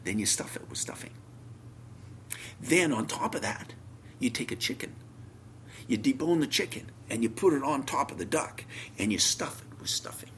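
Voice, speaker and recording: A man preaching a sermon, telling a homely story, his voice swinging from loud emphasis down to near whispers. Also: mid-range voice, lively intonation, moderate pace, pauses often, a little hiss or hum.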